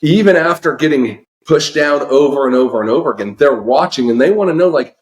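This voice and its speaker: A man's voice: a little high, brisk. A man hosting a podcast, asking questions and giving motivational reflections, stressing key phrases. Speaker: podcast host. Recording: echoey room.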